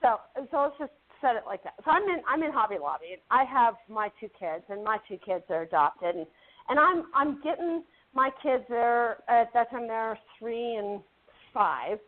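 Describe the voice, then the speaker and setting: A woman's voice: fairly high pitch, expressive, normal speed. Chatty woman guest on a tinny phone line. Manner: chatty, repeats words while building a story. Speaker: guest actress. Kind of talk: casual interview storytelling. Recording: phone-like narrow band.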